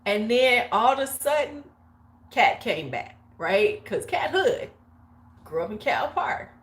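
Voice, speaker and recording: A woman's voice: mid-range voice, sing-song, slow. A woman in her forties hosting a beauty livestream, telling a long gossipy story in a loose, frank, salty way. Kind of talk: casual storytelling chat. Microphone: livestream webcam mic.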